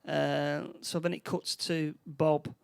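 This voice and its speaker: A man with a Northern English accent, co-hosting a podcast and retelling a film plot in a halting, restarting way. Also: a little high, little pitch movement, gravelly, clean tone. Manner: halting, many restarts, acts out character lines. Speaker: podcast co-host. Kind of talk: casual film recap chat.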